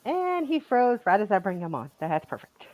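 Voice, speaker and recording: A woman's voice: medium pitch, sing-song, normal speed, muffled recording. A woman hosting a live online show over a video call, chatty and laughing often. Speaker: show host. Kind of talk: casual live-stream hosting.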